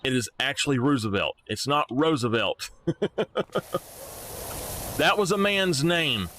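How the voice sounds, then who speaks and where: A young man with a voice on the high side takes it slowly, chatting casually to his live-stream viewers while playing a game. He rambles animatedly and laughs a lot, with slight background noise in the recording.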